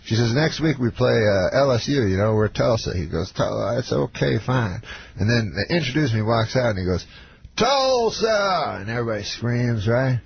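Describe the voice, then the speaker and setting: A deadpan comedian from Canada, a man who drifts through his story in halting bits and restarts. His voice sits in a middle register. It comes through a dull radio broadcast with a steady hiss underneath. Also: mid-range voice. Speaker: comedian guest. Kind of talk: rambling storytelling on a radio show.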